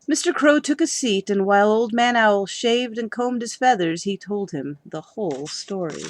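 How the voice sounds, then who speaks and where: A woman's voice: medium pitch, expressive, normal speed, hardly any pauses, no room sound. Woman reading a children's story.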